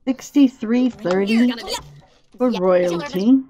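Slow, relaxed woman narrating gameplay. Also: medium pitch, muffled recording. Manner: relaxed, thinks aloud while playing. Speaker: gameplay video host. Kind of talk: casual gameplay commentary. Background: faint game music.

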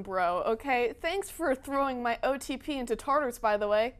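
A young woman with a fairly high voice hosts a comedy sketch, trading sassy replies and switching into playful put-on voices. Her delivery is quick, dramatic and teasing throughout. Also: expressive, clear, resonant tone. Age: young adult. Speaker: comedy video host reading tweets. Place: Boston.

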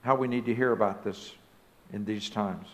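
A man preaching a sermon as pastor of a church. He speaks emphatically and rises now and then to loud exclamations. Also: lowish voice, fairly even intonation, moderate pace. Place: church sanctuary.

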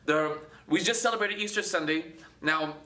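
A man hosting a Christian video channel, preaching casually to the camera in an animated way, acting out quoted voices and often repeating words. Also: a little high, normal speed, echoey room.

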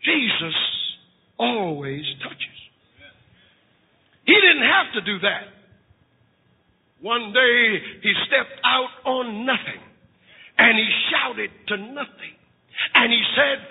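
High-pitched shouting preacher in a tinny hall. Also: male voice, expressive, takes it slowly, vocal fry, slightly rough. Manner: shouting, crying delivery with big swings from hushed to loud. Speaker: pastor. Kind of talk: dramatic sermon storytelling. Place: large auditorium. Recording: tinny lo-fi recording in a reverberant hall.

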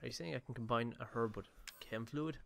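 A man's voice: medium pitch, fairly quick, gravelly. A man giving casual, rambling let's-play commentary on his own game session, with mild swearing. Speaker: gaming YouTuber.

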